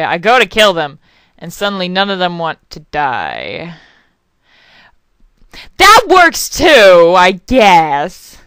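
A woman's voice: fairly low pitch, fairly bright tone, clear, resonant tone, no room sound. A young woman rambling and swearing through casual let's play commentary as a game channel host, apologizing often.

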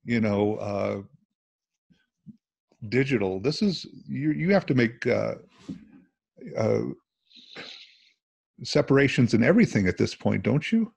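Guy hosting, gravelly and kinda raspy, stumbles over his words as he reacts. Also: medium pitch, expressive, unhurried, pauses often, darkish tone. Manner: stammering, reactive interjections. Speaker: host. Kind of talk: interview conversation.

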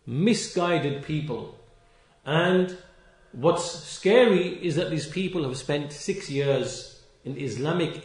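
A man gives a religious lecture as an Islamic lecturer, stern and emphatic, repeating key phrases and stretching words for stress while reproaching his critics. His voice is mid-range, with a roomy sound.

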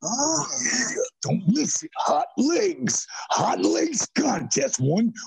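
A man in his sixties putting on a brash, hyped-up radio commercial pitchman voice with a growling promo delivery. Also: very animated, slow pace, creaky, a crowd in the background, full character voice.

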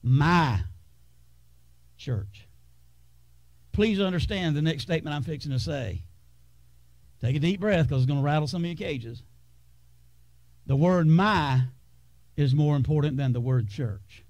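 Preacher with a high voice. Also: male voice, dry recording. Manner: preaching with dramatic pauses and sudden hushed drops. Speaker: pastor. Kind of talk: sermon. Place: church sanctuary.

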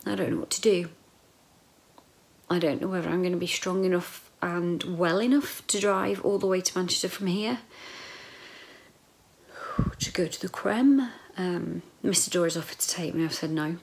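Middle-aged woman, own voice, home video diary; low, gravelly, emotional, slips into whispers. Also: normal speed. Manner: emotional, rambling, drifts into whispers. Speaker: vlogger. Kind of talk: casual personal video diary.

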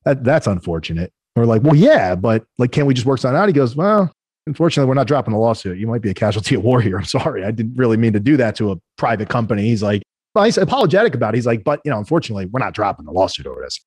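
A man speaks quickly with a husky edge, his pitch swinging a lot as he acts out other people. He tells his stories conversationally and animatedly. The recording is dry and close. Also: no room sound. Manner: animated, acts out quoted voices. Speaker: guest entrepreneur. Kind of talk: conversational storytelling.

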